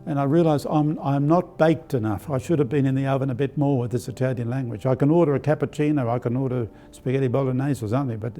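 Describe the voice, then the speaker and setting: An older Australian man, an archbishop, recounts stories in a relaxed, mellow voice, pausing often with small fillers. Faint music plays behind him. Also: medium pitch. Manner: warm anecdotal, hesitant with fillers. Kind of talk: live-streamed spiritual talk, storytelling.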